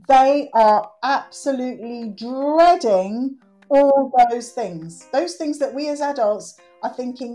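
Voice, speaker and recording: A middle-aged woman who works with children talks slowly in a high voice as a guest in a conversational interview, with faint music behind her. Earnest and animated, she acts out the quotes she relates.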